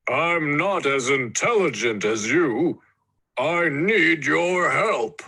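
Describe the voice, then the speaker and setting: A woman voicing a big, proud male lion who talks loudly and deeply for a recorded storybook. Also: lively intonation, slow pace, husky, heavily acted. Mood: pleading. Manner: loud, mocking, deep growled lines.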